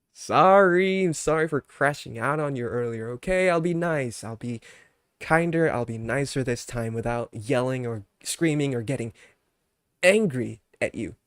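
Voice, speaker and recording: A man's voice: medium pitch, lively intonation, unhurried, pauses often, clear, resonant tone, no echo, studio quality. A young man chatting casually on his live stream, ranting with mock anger at his chat, then laughing and apologizing.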